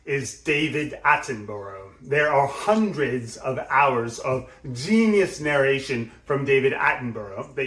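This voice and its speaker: A man coaching on speaking, explaining delivery in an animated teaching way. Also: medium pitch, reverberant, recorded from a distance. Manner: animated, demonstrates with his voice.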